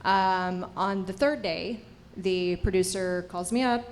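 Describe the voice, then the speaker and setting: A woman's voice: on the low side, slow pace, a little hiss or hum. A woman on a film panel, hesitant at first, telling a casual story about working as a producer's assistant. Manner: hesitant, thinking aloud.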